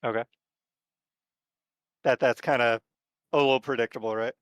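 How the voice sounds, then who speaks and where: A man's voice: medium pitch, moderate pace, clear, resonant tone, no echo. Easygoing man running a tabletop game. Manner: relaxed, rambling narration with many fillers. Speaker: game master. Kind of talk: narrating a tabletop horror game.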